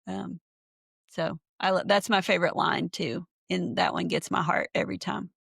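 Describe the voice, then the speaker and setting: A woman's voice: lowish voice, steady tone, normal speed, vocal fry, a bit bright, breathy edge, dry recording, clean studio sound. A woman hosting a casual podcast chat, thinking aloud with lots of fillers and enthusiasm. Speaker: podcast host, therapist. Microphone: remote call.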